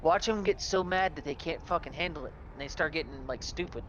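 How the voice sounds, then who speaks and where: Profane rambling man, slightly high voice. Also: a little fast, lo-fi sound, slight background noise. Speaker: gaming podcast co-host. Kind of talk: casual chat.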